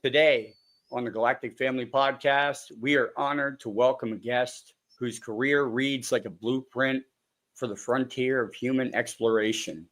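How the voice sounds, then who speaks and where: Guy hosting a podcast, super excitable, lots of "like", casual chat. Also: mid-range voice, normal speed. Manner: excitable and chatty, fills speech with "like". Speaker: podcast host.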